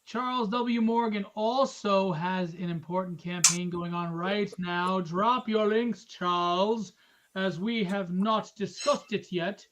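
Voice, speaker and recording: A man's voice: high-pitched, steady tone, slow pace, highs cut off, noisy background. Joking, rambling live-stream host man. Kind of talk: casual live-stream chat with plugs.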